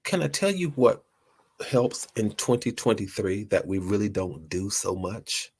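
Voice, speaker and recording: A man's voice: on the low side, unhurried, darkish tone, slightly rough. A man hosting a motivational talk, earnest and repeating his phrases for emphasis. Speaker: host.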